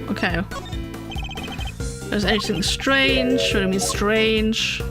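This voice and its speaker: A woman's voice: a little high, takes it slowly, pauses often. A woman giving casual, self-mocking commentary while playing a game, laughing often. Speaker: let's play host. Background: game music.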